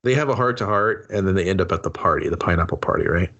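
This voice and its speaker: A man's voice: low voice, quick pace, a bit bright, dull audio, slight background noise. A man co-hosting a movie review podcast, laughing often and retelling scenes through quoted bits of dialogue. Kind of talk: casual movie recap chat.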